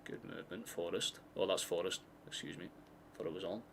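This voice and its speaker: A man with a Scottish accent giving casual, excitable live football commentary, swearing freely and drifting into chatty asides. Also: deep voice, fairly quick, creaky, slight background noise. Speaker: streamer hosting a match watchalong.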